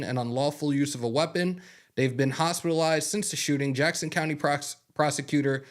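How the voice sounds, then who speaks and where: A man hosting a fan sports show on a live stream, chatting loosely with swearing and then reading a news rundown. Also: a little high. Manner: loose and profane, openly moved by a fan's gift. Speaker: sports podcast host.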